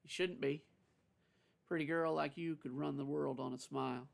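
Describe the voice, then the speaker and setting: Man reading as a tired woman from near Dallas, friendly, gravelly, slightly raised voice. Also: fairly high pitch, steady tone, normal speed. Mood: warm. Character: weary woman from near Dallas, warm, hiding sadness.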